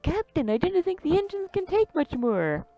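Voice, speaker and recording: A woman's voice: very high voice, big pitch swings, normal speed, dark tone, no room sound, dull audio, voice pushed up, full character voice. A woman voicing a loyal male ship's engineer answering his captain. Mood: dutiful.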